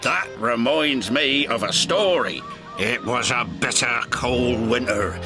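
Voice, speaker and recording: A man's voice: medium pitch, expressive, slow pace. A man voicing a chatty old seafaring engine who talks in a sailor's dialect and spins long yarns. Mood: jovial. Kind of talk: storybook character voice. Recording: music playing behind.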